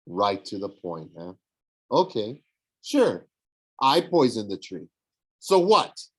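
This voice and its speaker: A man's voice: on the low side, very animated, slow, breathy edge, full character voice, low-quality recording. A man voicing a smug, sneering young villain who mocks and tempts. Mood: mocking. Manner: sneering, mocking. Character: smug young male villain, mocking and persuasive.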